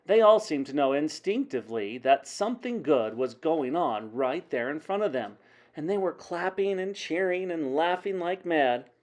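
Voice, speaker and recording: A man reading a children's book aloud in a dramatic, animated way, like a teacher at story time. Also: fairly high pitch, normal speed.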